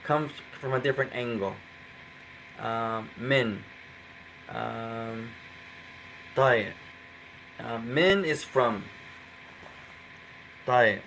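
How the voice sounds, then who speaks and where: A man's voice: medium pitch, slow pace, gravelly, pauses often, fairly bright tone, a little hiss or hum, rough recording. A man teaching a live online Arabic class, coaxing his students and slipping Arabic phrases into English explanations.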